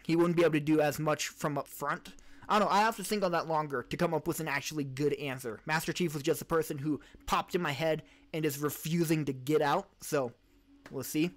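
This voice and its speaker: This is a male streamer with a voice slightly above the usual pitch. He hosts a relaxed live Q&A, answering chat questions off the cuff. He rambles, restarts and corrects himself, and talks into a desk mic. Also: brisk. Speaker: podcast host and live streamer.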